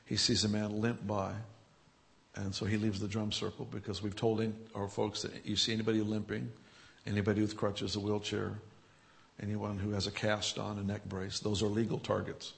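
A man's voice: on the low side, moderate pace, creaky. A man who leads a church, telling healing stories in an interview and chuckling as he builds them up. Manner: storytelling, chuckling, grows animated and loud. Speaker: church leader.

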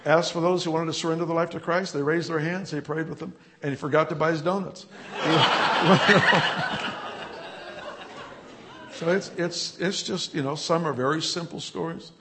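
A man's voice: fairly high pitch, moderate pace, very noisy. A man who leads a church, telling healing stories in an interview and chuckling as he builds them up. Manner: storytelling, chuckling, grows animated and loud. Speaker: church leader.

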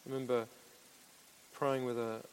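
A man's voice: mid-range voice, little pitch movement, normal speed, slight background noise. A man preaching a sermon in an earnest, conversational way, with playful asides. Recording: echoey hall.

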